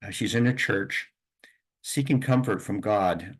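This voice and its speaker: A man who works as a hypnotherapist, calmly and reflectively telling the story of a client's session. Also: lowish voice, measured pace, breathy edge. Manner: calm and reflective, with soft laughs and light restarts.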